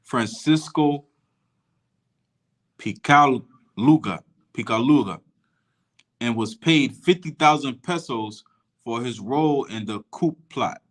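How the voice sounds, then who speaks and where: A man reading a history text aloud and stopping to comment on it, slowing down and stumbling over foreign names. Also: medium pitch.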